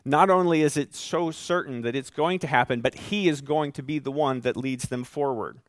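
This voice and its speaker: A male pastor preaching a sermon, moving from calm teaching to loud, rising emphasis and reading scripture with slow, weighted endings. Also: mid-range voice, no room sound, studio quality.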